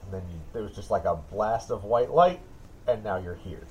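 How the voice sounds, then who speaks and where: A man narrating as dungeon master in a relaxed, descriptive way. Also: on the low side, moderate pace, highs cut off, slight background noise. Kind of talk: narrating a tabletop game.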